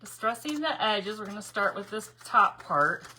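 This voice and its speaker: A woman's voice: medium pitch, expressive, normal speed, pushed and bright, poor audio. A woman hosting a casual crafting tutorial, chatty and rambling, often laughing and correcting herself as she works. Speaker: craft video host.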